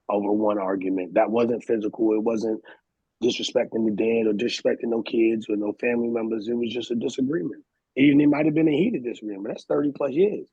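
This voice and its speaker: A man hosting a casual podcast talk, animated and slangy, telling stories and acting out what others said. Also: medium pitch, vocal fry, husky, dry recording, muffled recording. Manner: animated, slangy, storytelling with quoted voices. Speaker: podcast host. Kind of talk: casual chat.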